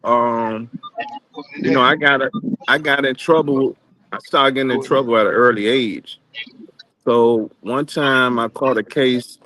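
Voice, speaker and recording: A man talking in a laid-back, halting street style as a guest on a casual live interview. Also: mid-range voice, steady tone, bright, forceful tone, no room sound, rough recording.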